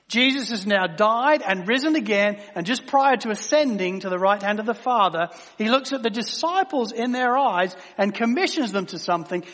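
A man preaching a sermon in a conversational way, sometimes dropping to a hush. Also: high voice. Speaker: pastor. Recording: long hall reverb.

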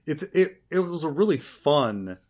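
A man's voice: a little high, very animated, a little slow. Rambling, sarcastic man reviewing a show. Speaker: podcast co-host. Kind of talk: casual review chat.

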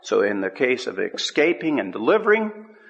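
A man preaching a sermon, teaching scripture with an emphatic, drawn-out cadence. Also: medium pitch, very animated, vocal fry, highs cut off. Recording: long hall reverb.

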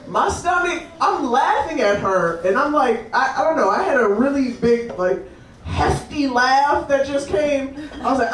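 A woman's voice: sits high, unhurried, far from the mic, a little hiss or hum. A woman telling a funny story on stage at a live show, swearing freely and laughing as she talks. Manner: animated, swearing, laughing often. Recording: live room, roomy, crowd audible.

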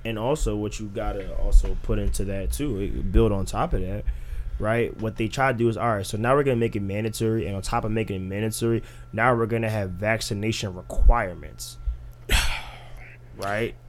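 A man's voice: on the low side, moderate pace, a little hiss or hum. A young man in casual podcast chat, arguing with rhetorical questions. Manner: animated, argumentative, rhetorical questions.

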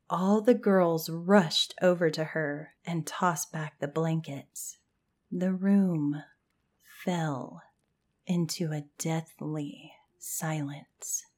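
A woman telling a scary campfire story as scripted narration, in a hushed voice that often drops to a whisper. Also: fairly low pitch.

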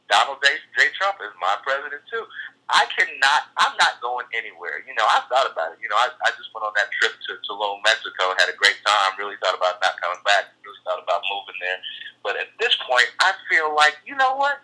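An American man, a comedian, talking in a casual podcast chat, animated and swinging into loud emphatic outbursts. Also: on the low side, fast, low-quality recording. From United States.

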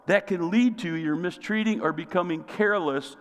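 A man's voice: sits high, normal speed. A man preaching a sermon as pastor, asking the congregation questions and calling for responses. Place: church sanctuary. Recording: long reverb of a large hall.

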